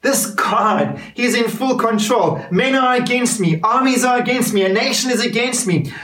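A man preaching a sermon, with rising emphasis that drops to hushed, intimate moments. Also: very high-pitched, animated, normal speed. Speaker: pastor. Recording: roomy sound from a distance.

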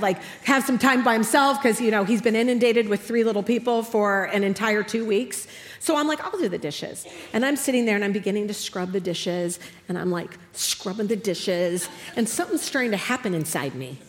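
A middle-aged woman speaker telling a humorous story in a sermon to a live audience, animated and self-mocking, acting out her family's lines. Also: fairly high pitch, big-room sound. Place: large hall with a live audience.

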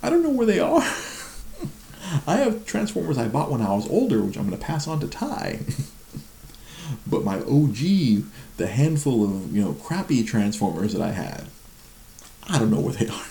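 A man's voice: fairly low pitch, sing-song, moderate pace, creaky, dark tone, echoey room. A man in his forties chatting casually at home at night, laughing a lot and mocking himself. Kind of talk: casual chat.

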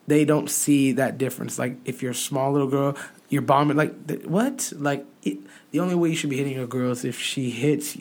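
A man's voice: mid-range voice, creaky. A young man giving blunt, emphatic opinions in a casual chat, full of "like". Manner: blunt and emphatic, many "like" fillers.

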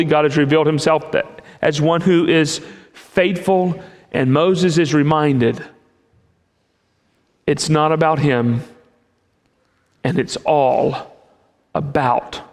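A man preaching a sermon in an emphatic way, with long pauses between phrases. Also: a little high, fairly even intonation. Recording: long hall reverb.

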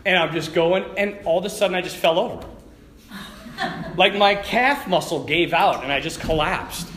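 A middle-aged man giving a lively faith talk to a live audience, telling stories and tossing asides to the listeners. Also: high voice, moderate pace. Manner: animated storytelling with asides to the audience. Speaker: Catholic speaker. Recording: echoey hall with faint ambience.

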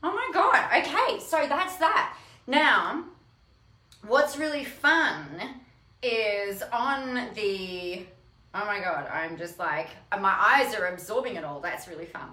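Gushing woman with a lively voice. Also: medium pitch, slow pace. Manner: gushing, exclamatory, chatty. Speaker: host and author. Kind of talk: excited unboxing chat. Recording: echoey room.

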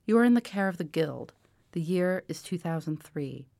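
A woman reading the lines of a gentle, earnest old man who speaks patiently and firmly. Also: lowish voice, animated, moderate pace, creaky, no echo, clean studio sound. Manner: patient, apologetic, firm.

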